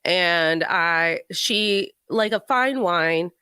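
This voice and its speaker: A woman co-hosting a podcast in casual chat, giggly and rambling with animated energy. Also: on the low side, very slow, clean tone, no echo, clean studio sound. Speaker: podcast co-host.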